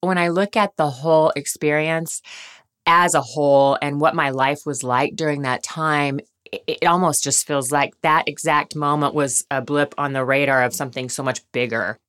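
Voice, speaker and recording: Low-voiced woman, reflective guest. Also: normal speed. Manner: candid, thoughtful, speaks calmly about the past. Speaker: interview guest. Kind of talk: reflective interview answers.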